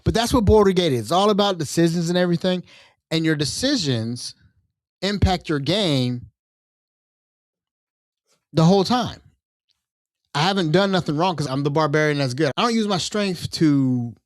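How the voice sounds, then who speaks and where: A young adult man hosting a casual solo podcast, telling stories in an animated, slangy way and jumping into voices for quotes. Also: fairly high pitch, moderate pace, pauses often, dry recording, studio quality. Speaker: podcast host.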